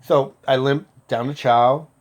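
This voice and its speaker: A man in his fifties, a former Marine, casually telling a profane story and getting loud when he quotes people. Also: mid-range voice, slow. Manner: profane, animated, loud when quoting others.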